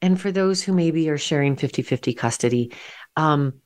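A woman's voice: sits low, moderate pace, a little mellow. A woman in her fifties, a divorce coach and podcast host, telling a personal story in a candid, reflective way. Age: 50s.

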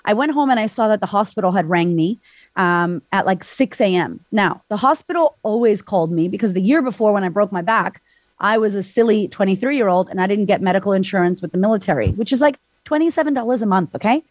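A woman's voice: mid-range voice, animated, fast, no echo. A woman guest on a podcast, frankly retelling a hard personal story with lots of "like". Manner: frank, breathless retelling full of "like", acts out voices.

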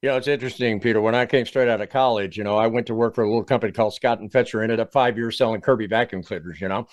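A man's voice: on the low side, steady tone, very fast, dry recording. A man hosting a business talk show, introducing and interviewing a guest in a folksy, emphatic way. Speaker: show host.

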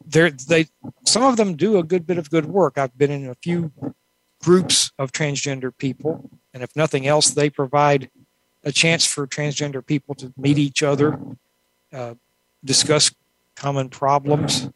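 A woman's voice: sits low, steady tone, unhurried, no room sound, poor audio. A woman author answering interview questions in a thoughtful, rambling way, with many asides. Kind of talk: casual conversational interview.

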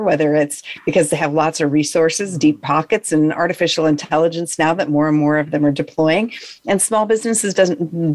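Low-voiced woman, earnest and reflective. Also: dry recording. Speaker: guest, negotiation consultant. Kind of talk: casual chat.

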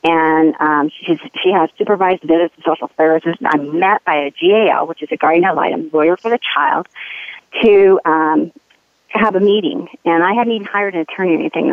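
A woman's voice: fairly low pitch, no echo. A woman giving an earnest personal testimony as a mother, telling her story with urgency. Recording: tinny phone line.

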